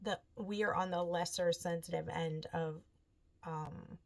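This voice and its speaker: A woman in her thirties hosting a knitting video podcast, telling stories in a chatty, animated way and acting out the people she quotes. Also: on the low side, measured pace, vocal fry. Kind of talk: casual chat.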